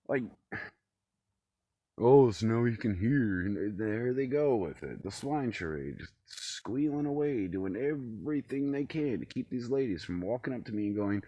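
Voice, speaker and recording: A low, husky male voice rants alone into the camera, profane and agitated, lurching from shouted outbursts back down to grumbling mutters. The sound is close and dry, with no room echo. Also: expressive, moderate pace. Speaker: vlogger. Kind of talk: rambling solo rant to camera. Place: cold room at home.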